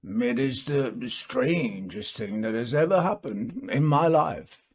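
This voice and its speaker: A musing gentleman , voiced by a male reader, works slowly through his ghost story in a storybook reading, pausing on fillers. His voice is gravelly and a little husky, rising and falling a lot. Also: mid-range voice, expressive. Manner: musing, hesitant with many uh fillers. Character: earnest gentleman telling a ghost tale.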